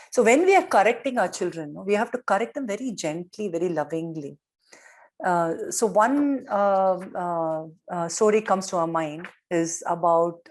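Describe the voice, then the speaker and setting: Gentle middle-aged woman telling devotional stories. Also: fairly low pitch. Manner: gentle storytelling, retells stories and quotes. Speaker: speaker at a devotional parenting talk. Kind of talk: devotional talk with anecdotes.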